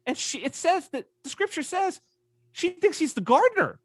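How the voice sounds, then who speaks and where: Animated man telling stories, lively pitch. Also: normal speed, no echo. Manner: animated storyteller, acts out quoted voices. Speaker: podcast guest. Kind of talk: casual conversation.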